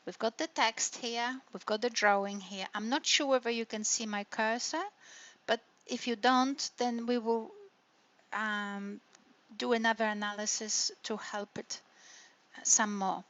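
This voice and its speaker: A woman's slightly high, fairly bright voice, with fairly even intonation and a slightly slow delivery, carries this recorded online lecture on intonation. As a university lecturer, she goes step by step and often asks "right?" and "hey?". Audio quality is dull and lo-fi.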